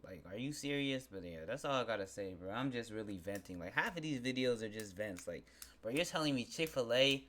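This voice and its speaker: Young man, bright tone, casual venting vlog, animated and slangy. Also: mid-range voice, brisk. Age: young adult. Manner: animated, rants with rising exasperation, slangy. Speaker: vlogger.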